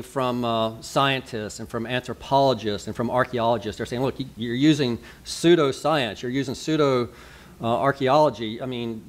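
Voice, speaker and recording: A man, a pastor giving a sermon in a chatty, conversational way, full of asides and rhetorical questions. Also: mid-range voice.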